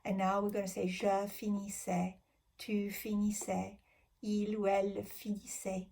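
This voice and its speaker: A woman's voice: medium pitch, completely flat delivery, a little slow, vocal fry, dark tone. A woman teaching grammar in a recorded lesson, patiently walking through verb endings and spelling them out letter by letter. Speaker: French teacher.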